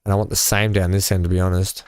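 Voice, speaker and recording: A man with a low, darkish voice and level tone speaks fast over slight background noise while live-streaming a building game. He chats casually with his audience and reads chat messages, filling gaps with many fillers.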